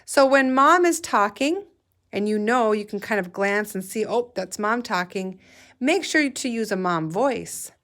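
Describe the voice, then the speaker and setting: Woman teacher, unhurried, patient, sounds out each letter, mid-range voice. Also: mid-range voice, lively intonation, a bit bright. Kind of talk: guided reading lesson for young children.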